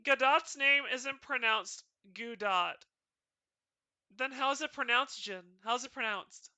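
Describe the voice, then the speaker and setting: A woman's voice: high voice, moderate pace, bright, forceful tone, no room sound. A woman streamer playing a detective game for the first time, chatting casually and reading the dialogue aloud in playful voices.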